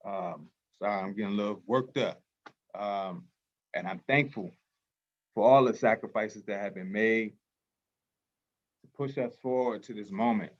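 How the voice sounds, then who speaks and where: A man who hosts a community festival, leading a call-and-response chant with quiet answers, then speaking with earnest passion and many fillers. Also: fairly low pitch, a little slow, long pauses, lo-fi sound. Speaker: festival organizer and host. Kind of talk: libation call-and-response, then heartfelt talk.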